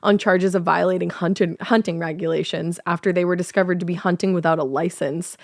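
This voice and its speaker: A woman's voice: fairly low pitch, steady tone, fairly quick, creaky, a little mellow, no room sound, studio quality. A woman co-hosting a podcast, telling a cryptid story casually while laughing and riffing with her co-host. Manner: laughing, reading quotes, riffing.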